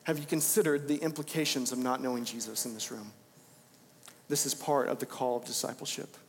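A man's voice: mid-range voice, steady tone, brisk, a little hiss or hum. A young adult man preaching a sermon as pastor of a church, impassioned and repeating phrases for emphasis. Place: church sanctuary. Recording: church hall reverb.

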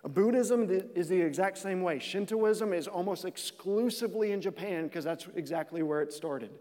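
A man's voice: sits high, moderate pace, darkish tone, long reverb tail. A pastor preaching a sermon, earnest, repeating phrases and restarting lines as he builds his points.

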